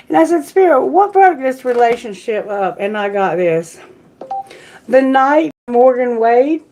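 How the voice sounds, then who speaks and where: A woman tarot reader talking casually to her live-stream viewers, unhurried and with fillers. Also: high voice, expressive, darkish tone, rough recording. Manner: slow, unhurried talk with fillers.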